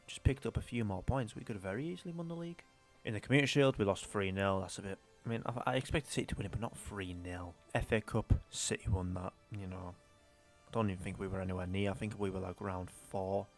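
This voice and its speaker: A man's voice: fairly low pitch, fast talker, faint music behind. A young man giving casual, rambling commentary on a football career-mode save. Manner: chatty, rambling, mildly exasperated. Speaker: gaming YouTuber.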